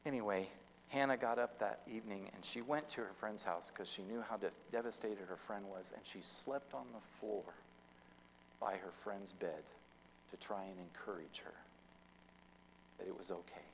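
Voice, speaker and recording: A man's voice: fairly low pitch, moderate pace, gravelly, slight background noise, poor audio. A man preaching a sermon as pastor, telling a story with many fillers and restarts, his volume rising and falling. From United States.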